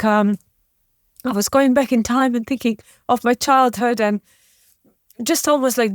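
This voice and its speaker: A tearful woman, a podcast guest, haltingly retells an emotional story in an interview, restarting again and again. Her voice sits on the high side, and the sound is dry and close with no room noise.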